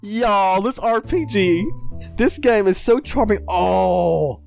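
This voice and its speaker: A man hosting a video, chatting casually and gushing excitedly as he reads through comics, laughing often. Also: sits high, slow pace, gravelly, soft background music. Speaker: video host. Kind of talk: casual commentary while reading comics.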